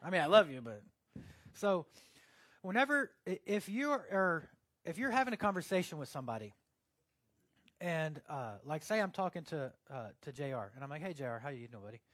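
A young man preaching a casual sermon in a conversational, joking manner. His voice sits a bit high, and the sound is dry and close with no room echo. He acts out little scenes and put-on voices as he goes. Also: sing-song, moderate pace, a bit bright. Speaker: pastor.

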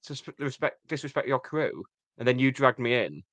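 Lively man making quick asides. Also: medium pitch, no room sound. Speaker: podcast co-host. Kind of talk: comedic podcast banter.

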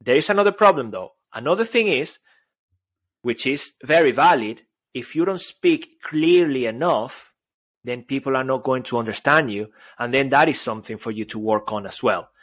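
A man's voice: medium pitch, animated, moderate pace, fairly bright tone. A man from Spain with a Spanish accent, co-hosting a podcast in a playful, casual chat. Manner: playful, switches between languages. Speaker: podcast co-host.

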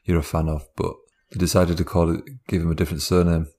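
Dry low-voiced podcast man. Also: little pitch movement, quick pace, warm tone. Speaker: podcast co-host. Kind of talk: improvised comedy podcast chat.

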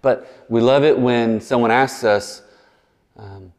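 Man, pastor, chatty sermon, verbose asides, mid-pitched, long hall reverb. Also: slow, creaky, a little mellow.

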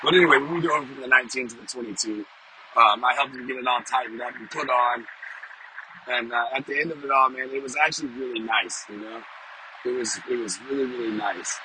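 A middle-aged man with a mid-range voice speaks briskly in poor audio, with steady noise behind him. He's a vlogger and sales professional rambling to camera in a conversational monologue, repeating points and often adding "you know?".

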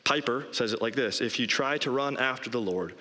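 A man preaching a sermon as pastor, emphatic and rising in pitch on key phrases. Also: brisk, pushed and bright. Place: church sanctuary. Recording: long hall reverb.

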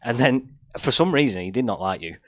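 Young guy telling stories, lively voice, dry close sound. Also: mid-range voice, a little fast, no echo. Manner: storytelling, laughs often. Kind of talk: casual chat.

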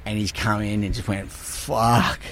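A man, a guest telling surf stories in casual, animated talk full of swearing. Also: on the low side, brisk, slight background noise. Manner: animated, swears a lot, relives moments with voices. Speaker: guest surfer. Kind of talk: casual storytelling.

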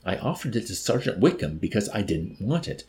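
A man's voice: lowish voice, big pitch swings, fairly quick, a little mellow. A man voicing a meek, distressed army chaplain who pleads anxiously under questioning. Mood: pleading. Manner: pleading, anguished.

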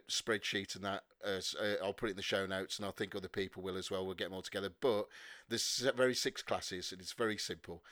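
A man hosting a casual podcast, explaining rules briskly with fillers and jokes. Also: fairly low pitch, fairly bright tone, dry recording, studio quality. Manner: jokey, brisk rule-explaining with frequent fillers. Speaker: podcast host.

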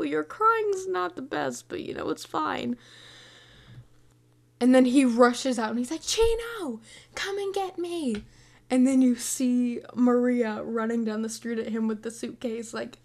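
A young woman talks slowly in a slightly high voice with a gravelly edge of vocal fry. She hosts a podcast and rambles through a casual film review, leaning hard on fillers and restarting her sentences. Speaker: podcast host.

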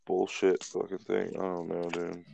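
A man's voice: deep voice, completely flat delivery, normal speed, vocal fry, warm tone, slight background noise. A man co-hosting a podcast in laid-back, profane, grumbling casual chat, on a slightly dull lo-fi mic. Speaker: podcast co-host.

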